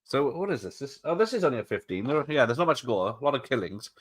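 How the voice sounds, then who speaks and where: A man's voice: medium pitch, very animated, quick pace, breathy edge. A man streaming a watch party, chatting casually, laughing often and replying to viewers. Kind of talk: casual live commentary.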